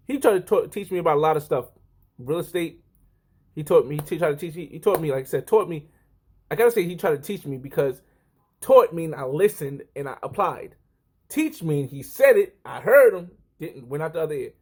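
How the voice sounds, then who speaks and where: A man's voice: fairly high pitch, brisk, husky. A man in his thirties talking casually to the camera, rambling and often correcting himself. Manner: rambling, self-correcting, lively. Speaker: vlogger.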